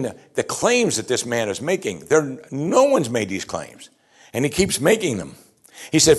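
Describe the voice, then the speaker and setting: A man preaching a sermon, emphatic and animated, asking his listeners rhetorical questions. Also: mid-range voice. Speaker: pastor.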